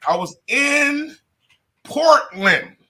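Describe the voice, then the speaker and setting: A middle-aged comedian from Detroit telling a story in a casual interview, laughing often and cursing freely. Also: male voice, very high-pitched, lively intonation, very slow, sharp tone. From Detroit, USA. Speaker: comedian guest.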